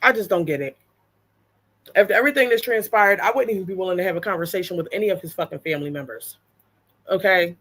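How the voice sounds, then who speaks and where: A woman's voice: lowish voice, fast talker, a bit bright. Blunt woman reacting to viewer comments. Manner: blunt, exasperated, swears freely. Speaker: reaction channel host.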